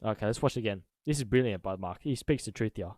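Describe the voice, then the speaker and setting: A man making a football reaction vlog, excitable, repeating his exclamations and laughing loudly. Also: lowish voice, fast, dry recording. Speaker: football fan YouTuber.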